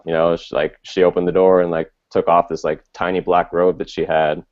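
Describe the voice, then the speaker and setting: A man's voice: sits low, flat delivery, fairly quick. A young man telling a long, rambling story in casual chat, full of filler words and swearing. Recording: dull lo-fi audio.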